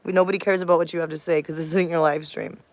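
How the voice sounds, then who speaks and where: A woman's voice: deep voice, steady tone, racing, no room sound. A woman in her thirties talking bluntly to her live stream chat, combative and swearing heavily. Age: 30s.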